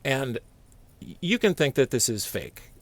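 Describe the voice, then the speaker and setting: Man, casual storyteller, rambling, calm, swears, mid pitch, dry close sound. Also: measured pace, dry recording.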